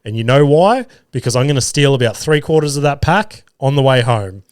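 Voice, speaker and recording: A man's voice: mid-range voice, expressive, a little fast, clear, resonant tone, no room sound, clean studio sound. An Australian man in his thirties hosting a podcast, telling a rambling story in a casual monologue, swearing freely and poking fun at himself. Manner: rambling, swears freely, self-deprecating humour. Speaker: podcast host.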